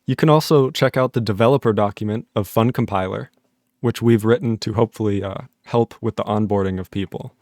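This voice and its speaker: A man's voice: lowish voice, a little fast, darkish tone, dry recording, clean studio sound. A man on a casual live stream, reading chat messages aloud, laughing often and puzzled by the jokes.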